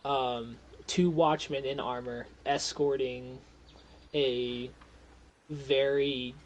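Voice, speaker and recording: A man's voice: medium pitch, little pitch movement, extremely slow, highs cut off, slight background noise. A young man acting as game master, narrating a tabletop game in a loose, rambling way with many fillers. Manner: rambling, filler-heavy, often laughing.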